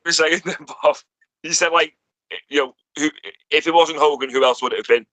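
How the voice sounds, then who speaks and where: A man's voice: fairly high pitch, brisk, fairly bright tone, no echo, low-quality recording. A man guesting on a podcast, talking animatedly and swearing in casual chat.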